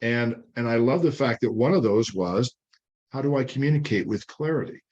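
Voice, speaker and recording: An older man hosts a podcast in a calm, reflective way, drawing lessons out of his guest's stories. His voice sits at an ordinary middle pitch. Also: dull audio. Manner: measured, sums up and draws lessons. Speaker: podcast host, the guest's father.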